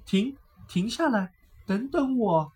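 A woman reading aloud, voicing an eager little girl in a storybook, with a high, excited, pleading delivery. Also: slow pace, far from the mic. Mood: alarmed.

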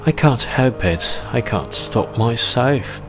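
A man voicing a timid, tired little boy prince, speaking softly and hesitantly. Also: medium pitch, animated, takes it slowly, over music. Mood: embarrassed. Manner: soft and hesitant.

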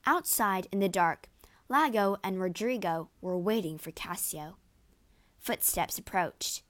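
A woman narrating a storybook retelling in a measured, even way. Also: lowish voice. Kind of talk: storybook reading.

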